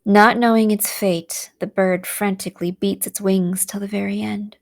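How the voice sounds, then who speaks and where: A woman narrating a visual novel aloud in a slow, soft storytelling manner. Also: medium pitch, steady tone, creaky.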